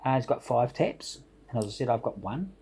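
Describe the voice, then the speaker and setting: A man's voice: medium pitch, expressive, a little fast, warm tone, husky. A middle-aged man hosting a home brewing vlog, chatting casually and enthusiastically, rambling a little and chuckling as he goes. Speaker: home brewing channel host. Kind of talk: casual vlog shout-outs.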